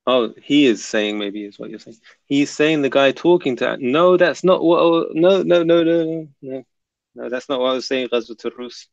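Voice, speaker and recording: A man's voice: mid-range voice, moderate pace, vocal fry, no room sound. A man hosting a casual livestream, chatting and muttering to himself as he reads comments and sets up links. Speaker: livestream host. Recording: dull lo-fi dry sound.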